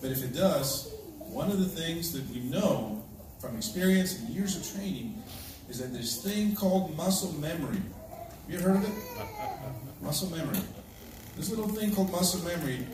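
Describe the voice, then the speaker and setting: A man with a fairly high voice addresses a congregation as a church elder, chatty and often checking in with his listeners. He is picked up from well across a large, heavily reverberant church hall. There is a clear hiss and murmur under the live stream. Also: a little mellow. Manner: conversational, checks in often with the audience. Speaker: church elder leading a security drill. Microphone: distant livestream device. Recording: very echoey, distant, noisy live stream.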